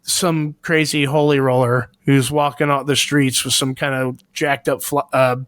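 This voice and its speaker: A man's voice: medium pitch, level tone, measured pace, fairly bright tone, no room sound, studio quality. A man co-hosting a podcast, talking things through in an earnest way and searching for his words. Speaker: podcast co-host. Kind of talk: casual podcast discussion.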